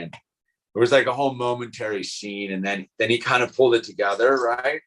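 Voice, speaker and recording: A man's voice: mid-range voice, steady tone, fairly quick, fairly bright tone, poor audio. A man chatting casually on a live stream, rambling in a laid-back way and dropping "dude" and "like" into most sentences. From California. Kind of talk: casual chat.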